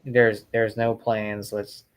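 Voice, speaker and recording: A man's voice: on the low side, flat delivery, takes it slowly, crowd noise. A man co-hosting a podcast in casual chat, laid-back and agreeable, mostly giving short replies. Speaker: podcast co-host.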